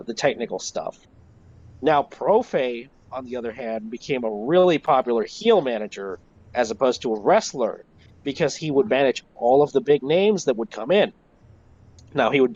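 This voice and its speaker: Man, wrestling historian, casual storytelling, animated, swears freely, muffled lo-fi chat audio. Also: mid-range voice.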